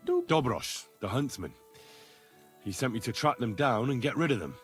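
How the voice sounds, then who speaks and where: An actor playing a young male hunter hero who asks direct, earnest questions in a steady way. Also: mid-range voice, moderate pace, soft background music, close to an everyday voice.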